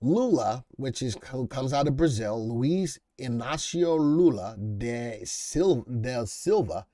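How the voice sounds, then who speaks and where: A man hosts a casual live stock market stream in an easy conversational voice that sits at a middle pitch. He reads headlines, riffs on them and calls out viewers in the chat by name. The sound is close and dry, with no room around it. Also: expressive, takes it slowly, warm tone, dry recording. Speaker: livestream market show host.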